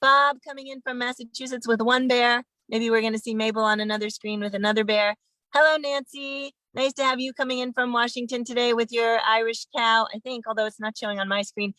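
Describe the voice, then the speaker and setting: Woman host, higher voice, fairly even pitch, bright tone, dry sound, chatty greetings, phone video call. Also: a little fast, dry recording, poor audio. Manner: greets viewers one by one, chatty. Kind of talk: online sing-along welcome.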